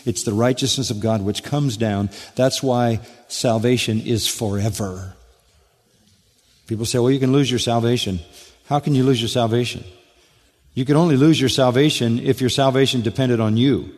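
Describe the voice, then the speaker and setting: A man delivers an expository sermon from the pulpit, repeating his key phrases and putting questions to the congregation. His voice climbs to emphatic high stresses and then sinks almost to a hush. It carries a long hall reverb, as if heard in a church sanctuary. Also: normal speed. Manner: emphatic, rising to high stresses then dropping to a hushed low. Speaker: pastor.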